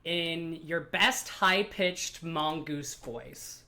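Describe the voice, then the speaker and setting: A podcast host telling a strange story in casual chat, animated and given to fillers and giggles. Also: medium pitch, drawn-out words.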